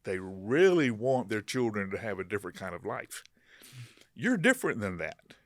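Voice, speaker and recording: An older man hosting a podcast interview, talking in a halting way with many restarts, livening up when he tells stories. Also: fairly low pitch, big pitch swings, no echo. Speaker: podcast host. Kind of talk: conversational interview.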